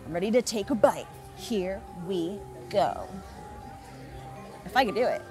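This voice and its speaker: A woman's voice: mid-range voice, expressive, a little slow, music in the background, rough recording. A woman vlogging outdoors at a theme park, chatting casually while eating, talking with her mouth full. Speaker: vlogger taste-testing food. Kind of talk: casual vlog chat.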